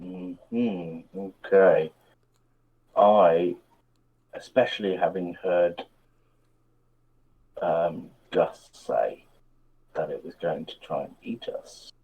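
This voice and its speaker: A man's voice: low voice, slightly rough. A man playing a tabletop game, speaking hesitantly and filling gaps with ums and uhs. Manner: hesitant, drawn-out, with fillers. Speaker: player. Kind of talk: casual tabletop game play. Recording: dull, muffled mic.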